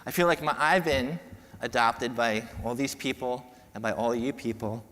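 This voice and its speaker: A man giving an emotional conference talk, heartfelt and halting, often repeating words and restarting. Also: medium pitch, fairly bright tone. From New York. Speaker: podiatrist giving a keynote talk. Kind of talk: emotional speech to a conference audience. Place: large conference hall. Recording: long hall reverb.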